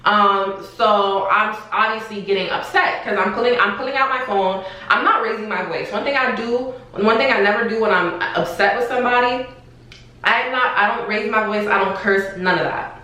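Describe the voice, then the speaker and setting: A young woman telling a story in a casual vlog, in an animated, exasperated way, with slang and swearing. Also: medium pitch, moderate pace. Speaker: vlogger. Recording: echoey room, far from the mic.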